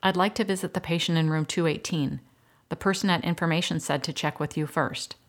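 A woman's voice: deep voice, brisk, lightly acted. A woman reading the lines of a female investigator, direct and matter-of-fact. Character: determined female investigator, former sheriff.

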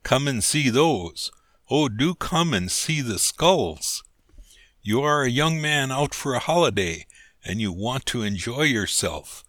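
A man's voice: medium pitch, very animated, slow pace, fairly bright tone, no echo, clean studio sound. A man voicing a pleading, insistent old male churchyard keeper in a storybook reading. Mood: wheedling. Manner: wheedling, insistent.

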